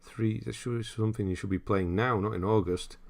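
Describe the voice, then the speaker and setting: A young man hosting a casual livestream, reading viewer comments aloud and thinking out loud in a rambling way with frequent chuckles. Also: lowish voice, fairly even intonation, normal speed, vocal fry. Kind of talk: casual live-stream chat.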